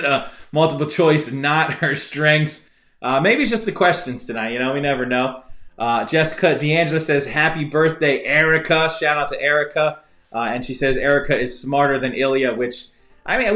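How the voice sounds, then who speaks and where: A man's voice: a little high, a bit bright. A man hosting a live-streamed trivia game show who tells stories in a rambling, chatty way with many fillers and restarts. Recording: echoey room with faint music.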